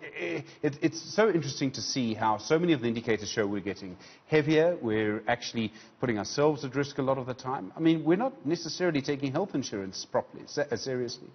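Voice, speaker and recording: A man's voice: medium pitch, animated, quick pace, few pauses, breathy edge, muffled recording. A man interviewing a guest on TV news, asking probing questions in a conversational way, often with "I mean".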